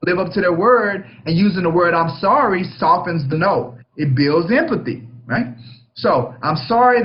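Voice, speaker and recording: A high-voiced man coaching a team on negotiation, emphatic and punchy. He keeps checking in with a quick "right?" after almost every point. The recording sounds a bit dull and lo-fi. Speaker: real estate broker hosting a coaching session. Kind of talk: coaching talk on a book chapter.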